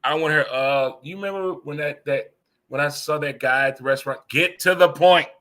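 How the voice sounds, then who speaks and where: A man's voice: mid-range voice, fast, pushed and bright. A man in his fifties hosting a casual live chat show, joking and laughing easily as he talks. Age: 50s. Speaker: host.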